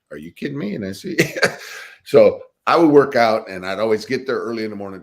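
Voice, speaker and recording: An older man, a former football linebacker, telling laughing stories in a casual interview. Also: deep voice. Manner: laughing, animated anecdotes with acted quotes.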